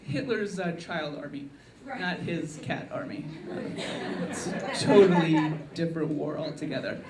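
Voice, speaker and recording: A woman doing a stand-up routine with a wry, deadpan delivery in a comedy club. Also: sits low, unhurried, far from the mic. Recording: echoey club miked from afar, crowd laughter.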